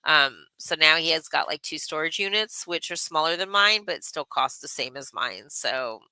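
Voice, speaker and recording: A woman's voice: low voice, expressive, moderate pace, bright, forceful tone, smooth, rough recording. A woman in her thirties hosting a casual craft livestream, chatting in a rambling way and reading viewer comments aloud.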